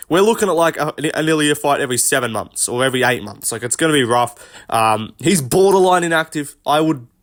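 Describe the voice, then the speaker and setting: Rambling, swearing young male commentator. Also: medium pitch. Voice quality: rambling, swears often, thinks out loud. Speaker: host, MMA commentator. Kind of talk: casual tier-list commentary.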